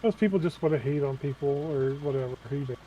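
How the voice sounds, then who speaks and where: A man's voice: medium pitch, fast talker, warm tone, slight background noise, low-quality recording. A man on a gaming stream's voice chat, making offhand, dismissive comments. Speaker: voice chat guest. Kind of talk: casual voice chat banter.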